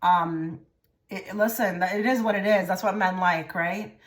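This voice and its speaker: A woman giving a pick-a-card tarot reading to her viewers, rambling and repeating herself, often trailing into soft murmured phrases. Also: mid-range voice, fairly even intonation, measured pace. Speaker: tarot reader.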